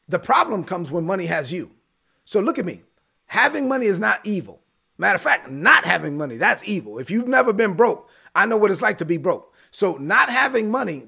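A man's voice: high voice, vocal fry, bright, forceful tone, husky. A male pastor preaching a sermon, emphatic and repetitive, building phrases to a punch.

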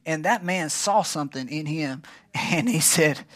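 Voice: medium pitch, unhurried, fairly bright tone. A pastor preaching a sermon at a church service, emphatic and prompting the congregation to fill in words.

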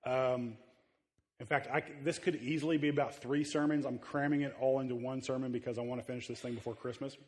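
A man preaching to his church in an easygoing, halting manner, often stopping and restarting mid-thought. His voice sits at an ordinary middle pitch. Long reverb from the large hall trails after his words. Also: fairly even intonation, darkish tone. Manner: conversational, halting with many fillers and restarts. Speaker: pastor. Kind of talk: sermon. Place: church sanctuary.

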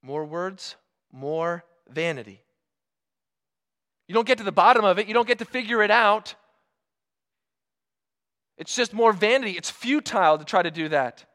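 A man preaching a sermon, earnest and emphatic, asking rhetorical questions and slowing down for dramatic pauses. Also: sits high, expressive, bright, forceful tone.

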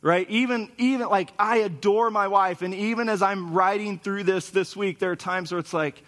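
High-voiced man preaching a sermon. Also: fairly even intonation, moderate pace, fairly bright tone. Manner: earnest, conversational preaching with storytelling asides. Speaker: pastor.

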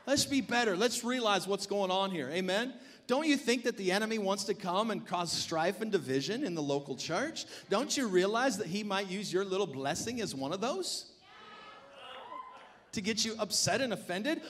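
A male pastor delivers a sermon in a notably high voice. He is emphatic and exhorting, and he presses his congregation for responses. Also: lively intonation, normal speed, fairly bright tone.

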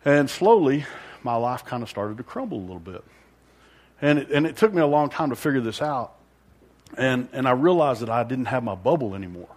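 A man's voice: mid-range voice, very animated, brisk. A man giving a rambling, self-deprecating personal testimony at church, laughing now and then and acting out his own thoughts.

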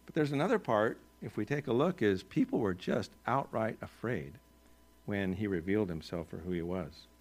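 A male pastor with an American accent preaching a sermon in a relaxed, conversational way, with joking asides and chuckles. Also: fairly low pitch, moderate pace.

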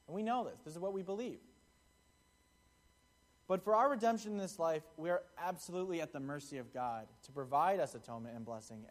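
Young male preacher, slightly higher voice, relaxed chatty sermon delivery. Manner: conversational, acts out quotes in the parable. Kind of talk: casual sermon.

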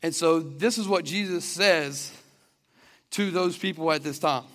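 A man's voice: a little high, unhurried, fairly bright tone. A man preaching a sermon in an earnest, conversational way, often restarting his sentences. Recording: long reverb of a hall.

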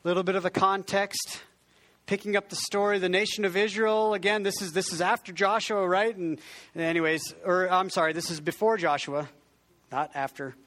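A man's voice: high voice, fairly even intonation, moderate pace, a bit bright. A man preaching a conversational sermon as pastor, often restarting his sentences and joking about himself. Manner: conversational, self-deprecating, frequent restarts; has the congregation repeat words.

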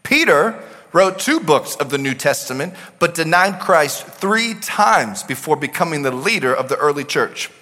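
Animated man preaching in a reverberant hall. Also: fairly high pitch, moderate pace. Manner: animated, swings from shouting to quiet asides. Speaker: pastor. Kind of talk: sermon.

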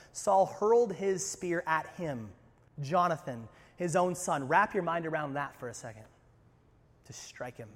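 A pastor preaching a sermon, animated and conversational, with humorous asides. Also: male voice, a little high, in a large hall.

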